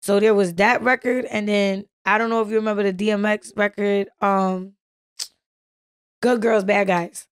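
A woman's voice: mid-range voice, steady tone, moderate pace, clear, resonant tone, no room sound, clean studio sound. A woman recording artist in a casual chat, telling stories about making records in a slangy, easygoing way. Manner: storytelling, slangy, retells exchanges.

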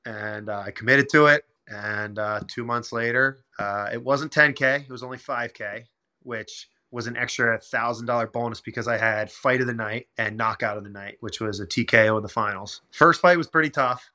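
A young man telling stories in a casual interview, animated and quoting people in quick chatty bursts. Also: mid-range voice. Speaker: guest, pro hockey player.

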